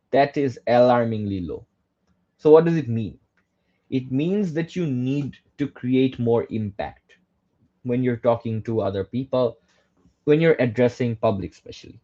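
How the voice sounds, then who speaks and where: A man's voice: mid-range voice, dark tone. A young man with a Bangladeshi accent giving a public speaking workshop lecture. He asks rhetorical questions, answers them himself, tags lines with "right?" and slips in Bengali phrases. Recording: dull lo-fi recording.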